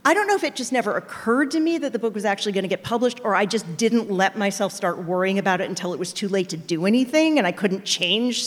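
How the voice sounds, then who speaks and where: A middle-aged novelist telling stories in a chatty, self-deprecating way, full of fillers, as an interview guest. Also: female voice, mid-range voice, big-room sound. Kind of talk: storytelling conversation.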